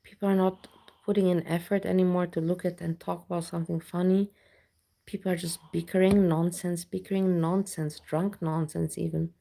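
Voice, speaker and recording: Gravelly low-voiced woman ranting on stream. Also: flat delivery, normal speed, mellow. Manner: blunt, ranting, reads chat aloud. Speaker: livestreamer chatting with viewers. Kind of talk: casual live-stream chat.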